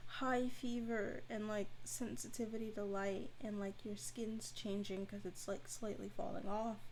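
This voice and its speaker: A woman's voice: mid-range voice, level tone, unhurried, a little mellow, slight background noise, rough recording. A woman playing a tabletop game, speaking casually and hesitantly. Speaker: player.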